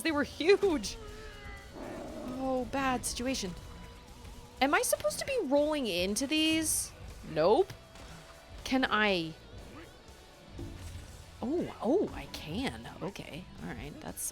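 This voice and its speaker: A woman streaming a video game and chatting casually as she plays, often exclaiming and laughing. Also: mid-range voice. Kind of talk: casual let's-play commentary. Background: faint game music.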